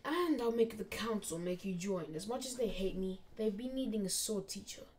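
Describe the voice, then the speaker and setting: A woman voicing a young male ninja hero with a low-key, matter-of-fact delivery in a storybook reading. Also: expressive, normal speed, darkish tone, slight background noise, lightly acted. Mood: reassuring.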